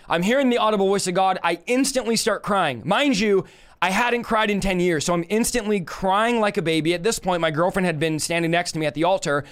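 High, resonant-voiced man preaching testimony. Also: clear, resonant tone. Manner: fervent, emphatic storytelling with repeated phrases; talks straight to live viewers. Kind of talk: testimony on a live stream.

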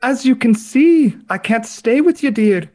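Guy doing a slow dramatic old nanny lady voice, all over the place in pitch. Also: animated, a little mellow. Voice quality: high put-on old-lady voice. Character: fussy elderly Scottish nanny woman, impression.

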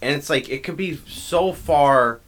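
A man co-hosting a podcast, talking in an animated way and asking leading questions. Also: a little high, unhurried. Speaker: podcast co-host. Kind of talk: casual chat.

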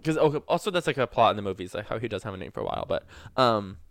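A man's voice: lowish voice, very fast, no echo. A young man co-hosting a podcast, talking casually and animatedly with lots of fillers. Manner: animated, rambling with many fillers. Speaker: podcast co-host. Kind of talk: casual chat.

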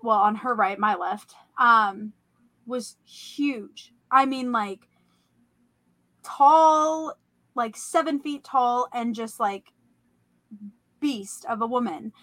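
A young woman hosting a podcast, telling about a vivid dream in a casual, animated way full of "like" and fillers. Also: on the high side, slow, pauses often, dry recording. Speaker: podcast host. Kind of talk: casual storytelling.

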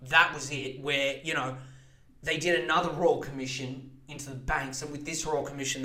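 A young man hosts a podcast with a fairly high voice and a heated, profane delivery. He gets more passionate as he talks and rushes ahead when worked up. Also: pushed and bright. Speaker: podcast host. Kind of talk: casual political rant.

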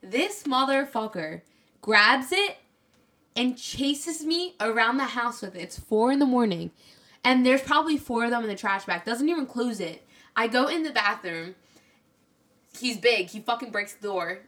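Woman, twenties, podcast co-host, animated storyteller, swears freely, crisp bright tone. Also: on the high side, moderate pace. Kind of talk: casual chat.

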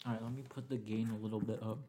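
Brief: woman podcast co-host, very deep voice, rambling casual swearing chat, faint noise behind. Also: little pitch movement, rapid-fire. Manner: rambling, swears freely, trails off.

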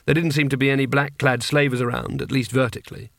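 A man narrating an audiobook in an even, dry storytelling manner. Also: mid-range voice, fast, gravelly, no room sound. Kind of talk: scripted narration.

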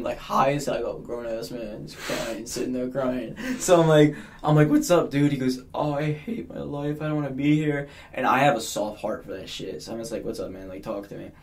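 A young man on a casual podcast, telling a long story with a lot of animation, quoting people in changing voices and laughing often. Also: mid-range voice. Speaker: podcast guest.

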